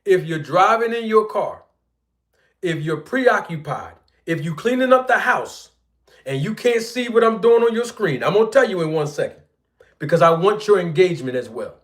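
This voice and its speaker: A man with a fairly high voice talks boxing straight to his viewers in a loose, teasing way. He jokes, draws stories out, and swings between loud bursts and low asides. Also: moderate pace. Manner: playful, teasing, animated storytelling with sudden loud and soft swings. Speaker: boxing commentary host. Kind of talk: casual commentary to viewers.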